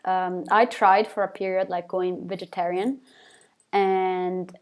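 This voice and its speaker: A woman's voice: on the low side, little pitch movement, takes it slowly, darkish tone. A young woman, a band's singer, reading fan questions aloud from a live chat and answering them casually, with lots of fillers and small laughs.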